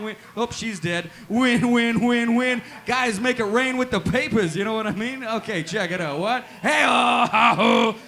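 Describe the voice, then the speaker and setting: A man's voice: high-pitched, pushed and bright. A man doing a rambling, awkward stand-up comedy set at a live music venue, padding his jokes with "check it out" and "right?". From Canada.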